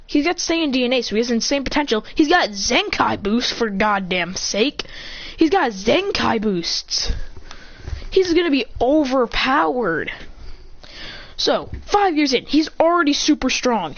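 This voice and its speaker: Woman storyteller, fairly high and very animated, cursing and correcting herself, dull low-fi mic. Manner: rambling, profane, frequent self-corrections; bursts into high shouted character cries. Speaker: fan storyteller. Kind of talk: improvised fan-fiction narration. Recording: dull lo-fi sound with faint background hiss.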